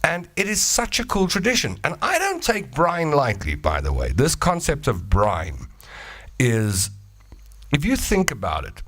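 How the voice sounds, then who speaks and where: A man's voice: a little high, wildly swooping pitch, a little slow, fairly bright tone. A man with a South African accent hosting a casual live show. He reads viewer comments and rambles into jokey stories. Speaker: show host. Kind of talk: casual livestream chat reading viewer comments.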